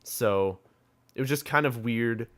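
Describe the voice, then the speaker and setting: A man's voice: medium pitch, a little slow, fairly bright tone. A young man co-hosting a casual gaming podcast, rambling through stories, laughing often and swearing freely. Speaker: podcast co-host.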